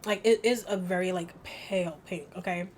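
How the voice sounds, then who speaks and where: A woman's voice: fairly low pitch, steady tone, moderate pace, darkish tone, slight background noise. A young woman chatting through a makeup tutorial, rambling and peppered with "like", laughing at herself as she goes. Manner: rambling, chatty, heavy use of "like". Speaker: beauty vlogger. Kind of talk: get-ready-with-me makeup tutorial chat.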